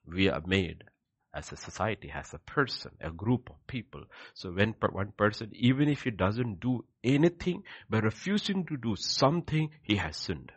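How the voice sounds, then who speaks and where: A deep, gravelly male preacher delivering a sermon with a lively, rising-and-falling delivery. He drives his points home with rhetorical questions and swings between loud declarations and hushed asides, his voice husky and dry. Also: moderate pace, no room sound.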